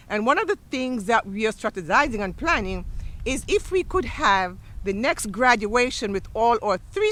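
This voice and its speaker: A woman school superintendent speaks at a ceremony on an outdoor field, with a lively, joking manner. She talks straight to the crowd. Her voice is bright and edged. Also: on the high side. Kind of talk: ceremony speech.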